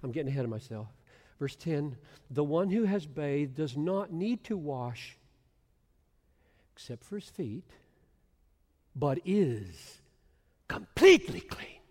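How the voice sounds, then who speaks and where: A man preaching an expository sermon, swinging from hushed whispers to loud emphatic bursts. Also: fairly high pitch, animated, slow, pauses often. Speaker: pastor. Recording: long hall reverb.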